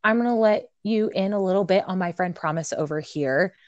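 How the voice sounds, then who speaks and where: A woman's voice: medium pitch, fairly quick, no room sound, dull audio. A woman in her thirties from the American Midwest, hosting a casual podcast with blunt, playful, self-mocking talk. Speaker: podcast co-host. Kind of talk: casual chat.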